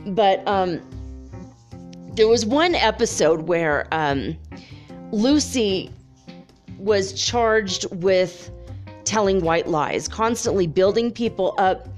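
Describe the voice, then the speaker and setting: A woman telling a story in a casual, chatty monologue, laughing often and filling pauses with ums and you-knows. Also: mid-range voice, lively intonation, soft background music.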